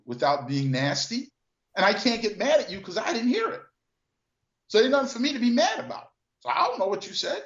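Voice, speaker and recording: An older man and former car dealer telling stories in a relaxed, reflective way, repeating words and using lots of fillers. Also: high voice. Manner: reflective, restarts and repeats words, many "you know" fillers. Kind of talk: casual storytelling conversation. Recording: echoey, dull lo-fi sound.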